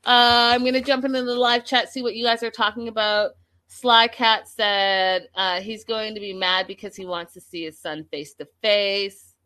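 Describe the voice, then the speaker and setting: Speaking at a normal speed in a mid-range voice, a woman runs a laid-back livestream where she chats with her audience and gives her strong, lively opinions while recapping a reality show.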